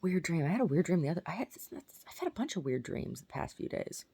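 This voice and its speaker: A woman with a lowish, dark, husky voice speaks fast in a sing-song way, using baby talk toward her pet dog. In a casual vlog she describes a strange dream, rambling with many fillers and restarts.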